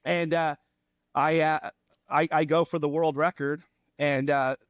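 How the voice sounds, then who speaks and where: Lively storytelling man, fairly high voice. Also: unhurried, no echo, highs cut off. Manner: animated anecdotes with laughter and acted quotes. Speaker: podcast co-host, former volleyball player. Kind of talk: casual storytelling chat.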